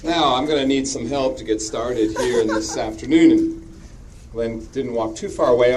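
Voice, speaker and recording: A middle-aged man giving a conference keynote in a hall, animated and joking with quick asides. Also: mid-range voice. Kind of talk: conference presentation. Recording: distant mic with steady background hiss.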